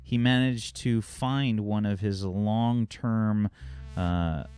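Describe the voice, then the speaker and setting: A man acting as game master, recapping the story with many pauses and fillers. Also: fairly low pitch, fairly even intonation, darkish tone, clean tone. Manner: halting recap, many ums and uhs. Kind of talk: narrating a tabletop game.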